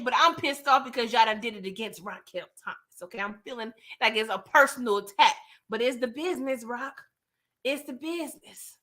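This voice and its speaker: A woman at home giving an animated, profane recap of a TV episode to her viewers. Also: fairly high pitch, fairly quick. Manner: animated, expressive, frequently cursing. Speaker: TV show recap YouTuber. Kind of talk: casual episode review rant.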